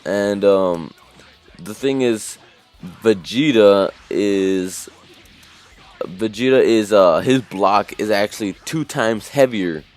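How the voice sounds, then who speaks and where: A man's voice: on the low side, takes it slowly, faint music behind. A man casually recapping an anime episode as a reviewer, rambling with lots of fillers and restarts.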